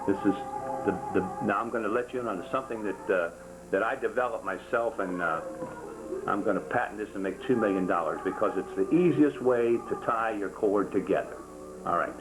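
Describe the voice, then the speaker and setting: A man's voice: on the low side, rough recording. Folksy older man teaching a craft. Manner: folksy, jokey, repeats himself, counts aloud. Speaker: rosary-making instructor. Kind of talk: hands-on craft demonstration.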